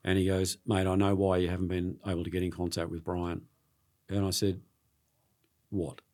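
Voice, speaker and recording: A middle-aged Australian man, a sports journalist being interviewed, telling stories in an earnest, halting way and often repeating words. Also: low-pitched, completely flat delivery, darkish tone. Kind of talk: casual interview storytelling.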